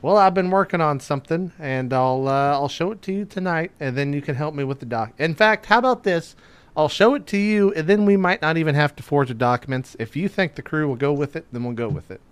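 A man playing a tabletop game in character, with halting speech full of restarts. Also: a little high, lively intonation, clean tone. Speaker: player. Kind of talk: in-character role-play.

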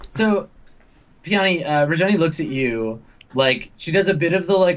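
A man narrating as game master in a tabletop role-playing game, halting often with ums and uhs. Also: on the high side, animated, a bit bright.

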